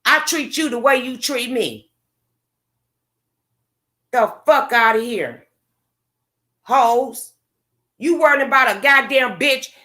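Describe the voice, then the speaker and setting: Woman, angry vlog rant, high bright voice, slow deliberate pace. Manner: profane, confrontational, preachy. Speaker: vlogger.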